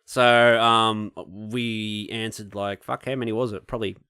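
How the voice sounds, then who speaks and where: A man co-hosting a podcast, telling stories in a casual, swearing way. His voice is bright and forward. He is close to a dry mic. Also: fairly low pitch, flat delivery, unhurried, clean tone, no room sound. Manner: swearing storyteller; acts out quoted voices. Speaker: podcast co-host. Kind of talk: casual chat.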